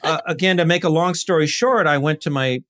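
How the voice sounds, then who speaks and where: A man from East Los Angeles, a scientist guest, telling his story in an interview with lively asides. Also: fairly high pitch, a little fast.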